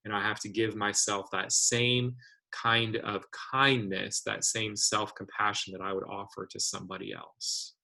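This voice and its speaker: Low, bright-voiced man hosting online. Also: fairly even intonation, a little slow, creaky, rough recording. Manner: thoughtful, with many fillers and restarts. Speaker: webinar host. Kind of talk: online community discussion.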